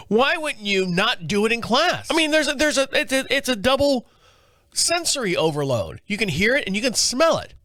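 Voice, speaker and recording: A man's voice: high voice, very animated, normal speed, sharp tone, no room sound, clean studio sound. A man hosting a casual comedy podcast who reads a story aloud, often laughing and stumbling over his words. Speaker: podcast host. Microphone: studio multi-camera setup.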